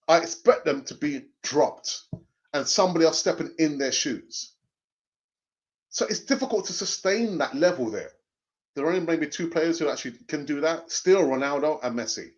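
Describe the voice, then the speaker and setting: A middle-aged man, hosting a fan live stream, animated and jokey, laughing often and repeating phrases. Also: fairly high pitch. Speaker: fan channel host reading live chat. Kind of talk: casual live-stream chat. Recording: dull lo-fi sound.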